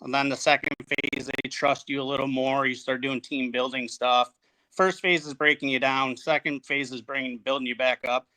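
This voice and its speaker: A man in his forties from upstate New York tells his story in a casual interview. His voice is bright and forceful. He speaks plainly and halts often, restarting his sentences. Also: medium pitch, little pitch movement. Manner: halting, plainspoken, many fillers and restarts. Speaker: guest, Marine veteran.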